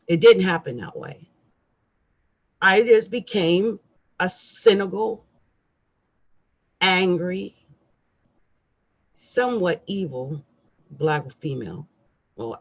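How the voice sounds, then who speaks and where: A middle-aged woman astrologer ranting irritably on a live stream, with loud outbursts and quiet asides. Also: lowish voice, creaky, breathy edge.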